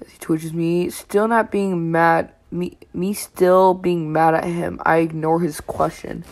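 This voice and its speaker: A woman's voice: lowish voice, fairly even intonation, takes it slowly, hardly any pauses. A young woman reading fan fiction aloud with blunt, swear-heavy running commentary. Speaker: reaction channel host.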